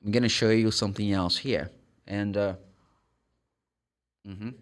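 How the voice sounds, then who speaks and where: A man's voice: fairly low pitch, fairly even intonation, measured pace, clean tone. A man with a Brazilian Portuguese accent teaching English pronunciation, spelling out letters and sounding them out. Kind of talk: pronunciation lesson.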